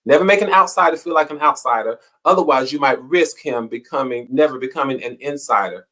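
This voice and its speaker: A man's voice: medium pitch, a little fast, fairly bright tone. A man hosting an inspirational talk, speaking in a preacherly way with repeated phrases and swelling emphasis. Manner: preacherly, repetitive, rising and falling emphasis. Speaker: motivational show host.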